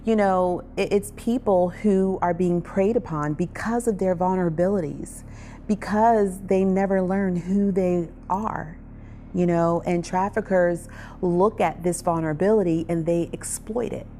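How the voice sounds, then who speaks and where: A woman earnestly telling her own story as a survivor advocate, with restarts, over soft music. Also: on the low side, steady tone, measured pace, a little hiss or hum. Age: adult parent. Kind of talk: personal testimony.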